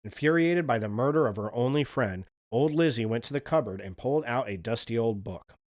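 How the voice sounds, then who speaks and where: A man hosting a livestream, telling spooky folk legends in a relaxed, chatty way and swearing casually. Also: mid-range voice, brisk. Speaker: streamer, host.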